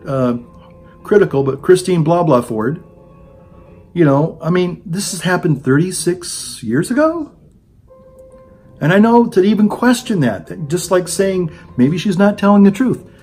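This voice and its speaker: A man's voice: high voice, animated, normal speed, darkish tone, breathy edge, faint music behind. A man giving a rambling, sarcastic opinion monologue on his own channel, full of "you know" fillers. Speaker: video blogger.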